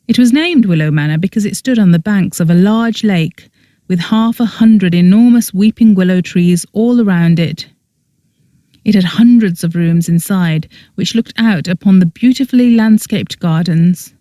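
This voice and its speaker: Brief: audiobook narrator, warm dark tone, dry close recording, even storytelling. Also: medium pitch, normal speed, no room sound. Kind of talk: scripted first-person narration.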